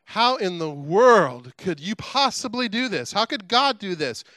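Flustered doubting old priest, put on by a preacher, raised pitch, bright tone, incredulous questions. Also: male voice, big pitch swings, a little slow, no echo, clean studio sound, full character voice.

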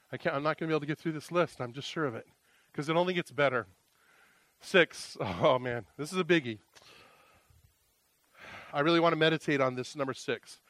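A man preaching a sermon as pastor, earnest and emotional, rising to loud exclamations and dropping to hushed, confessional tones. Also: fairly high pitch, fairly quick, long pauses, dry recording.

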